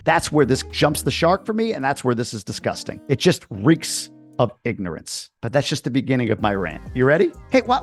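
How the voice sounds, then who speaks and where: A man vlogger delivering a heated commentary rant, indignant and sarcastic. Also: medium pitch. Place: lives abroad.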